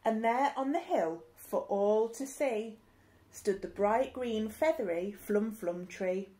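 A woman's voice: medium pitch, slow pace, mellow. A woman teacher reading a rhyming picture book aloud in a sing-song, rhythmic way with playful asides. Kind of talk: expressive storybook read-aloud.

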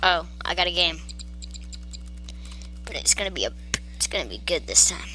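A woman's voice: fairly low pitch, sing-song, normal speed, faint music behind. A woman giving casual gameplay commentary, talking playfully to the creatures on screen. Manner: talks to game creatures in a hushed, playful way.

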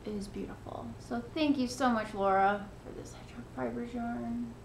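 A woman's voice: a little high, steady tone, normal speed, gravelly, echoey room, slight background noise. A woman hosting a knitting podcast, chatting casually and gushing with thanks. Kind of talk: casual chat to camera.

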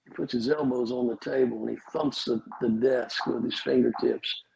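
A man's voice: medium pitch, very animated, moderate pace, vocal fry, noisy background. A man, a pastor telling his personal testimony as an interview guest and acting out the dialogue vividly. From Georgia, USA. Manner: vivid storyteller who acts out dialogue.

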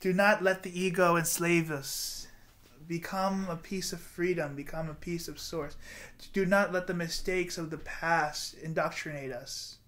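Slow, earnest young man giving pep talk. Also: a little high, fairly even intonation, fairly bright tone. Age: 20s. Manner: earnest, rambling, guided breathing and affirmations. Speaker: vlogger. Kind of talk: motivational vlog monologue.

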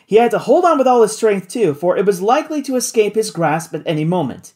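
Expressive, dramatic audiobook narrator. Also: mid-range voice, quick pace. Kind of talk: scripted narration of a classic novel.

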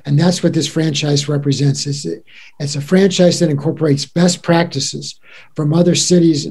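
Man consultant, husky and mellow, briefing a council in a measured way over a video link. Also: on the high side. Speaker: cable franchise consultant. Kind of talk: council meeting presentation.

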